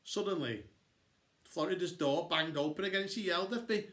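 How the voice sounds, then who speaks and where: A man reading a children's novel aloud, expressive and switching into character voices. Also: high voice, a little fast. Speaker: storybook reader. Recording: echoey room.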